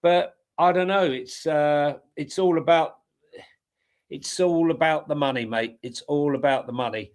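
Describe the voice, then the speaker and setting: A man's voice: a little high, unhurried. A man co-hosting a football podcast, chatting casually with rambling, laughing banter. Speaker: podcast co-host.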